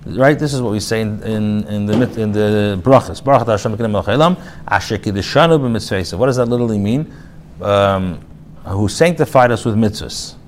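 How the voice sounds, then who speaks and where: A rabbi giving a casual spoken class, reading phrases aloud and then explaining them in plain talk, with restarts and fillers. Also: male voice, lowish voice, normal speed, darkish tone, a little hiss or hum. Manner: reads Hebrew phrases then paraphrases them in English; frequent restarts and filler, conversational. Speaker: rabbi teaching a text class.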